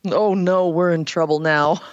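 A woman hosting a late-night call-in radio show, chatty and animated, with playful asides. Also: on the low side, a little slow, no room sound, highs cut off. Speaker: radio talk show host. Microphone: headset.

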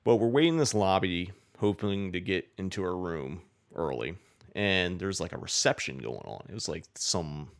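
A man's voice: sits low, fairly bright tone. A man casually telling a long, rambling story, cursing often and filling his talk with "like". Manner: rambling, profane, many "like" fillers.

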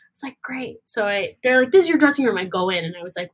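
Animated young woman telling a story. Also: on the high side, a little fast. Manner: animated, acts out quoted dialogue. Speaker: guest performer. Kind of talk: casual interview storytelling.

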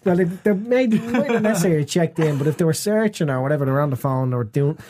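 A man's voice: a little high, lively intonation, quick pace, warm tone. Laughing young man telling a story. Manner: laughs through his stories, rambling. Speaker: podcast co-host. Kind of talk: casual chat, storytelling. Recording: noisy background hiss.

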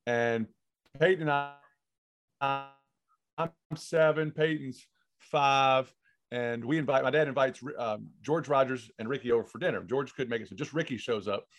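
A man hosting a podcast, telling stories in a relaxed, chatty way. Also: mid-range voice, normal speed. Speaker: podcast host. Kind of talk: casual interview chat.

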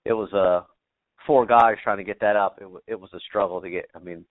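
A man's voice: on the low side, steady tone, brisk, no echo. A man telling a story as a podcast guest, rambling, with many fillers and casual swearing. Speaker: podcast guest, bow hunter. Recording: tinny phone-like remote line.

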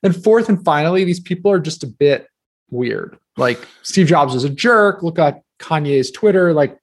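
A guest author in his thirties from New Jersey talks in a relaxed interview, his voice a touch higher than most men's. He rattles off stories fast, full of "like" and "sort of," and pokes fun at himself throughout.

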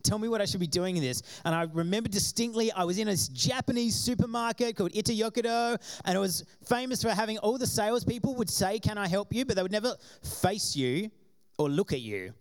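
A high-voiced man from Australia preaches to a church congregation. He tells personal stories in a lively way and plays out the voices of the people in them. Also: brisk. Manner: animated storytelling, acting out quoted voices. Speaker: pastor.

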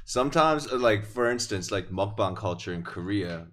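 Podcast host guy, lowish voice, slangy, says bro a lot. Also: expressive, normal speed, a loud crowd. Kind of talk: casual podcast chat.

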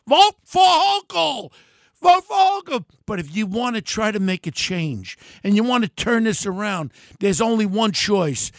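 High, gravelly older man ranting. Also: no room sound, clean studio sound. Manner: yelling, ranting, name-calling. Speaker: political commentator. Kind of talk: fiery political rant.

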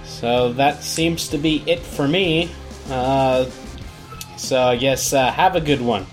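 A man hosting a podcast in casual chat, relaxed and rambling with lots of fillers. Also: mid-range voice, slow, faint music behind. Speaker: podcast host.

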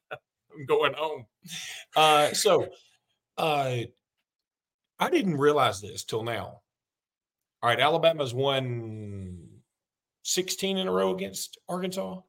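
A man's voice: fairly high pitch, big pitch swings, slow pace, creaky, pauses often, a bit bright. A man co-hosting a sports podcast in casual chat, joking and rambling as he talks. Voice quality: slightly muffled from a mint. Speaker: podcast co-host.

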